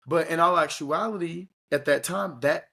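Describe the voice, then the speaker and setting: A man's voice: on the high side, moderate pace, pushed and bright. A young adult man co-hosting a relationship podcast, talking earnestly and rambling with fillers. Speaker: podcast co-host. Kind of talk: casual chat.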